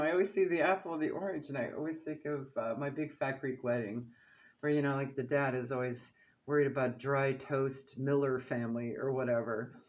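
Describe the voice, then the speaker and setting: A man's voice: mid-range voice, lo-fi sound. A man giving a casual oracle card reading, who chats along and keeps checking in with "okay?" and "right?". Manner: chatty, asks "okay?" and "right?" often.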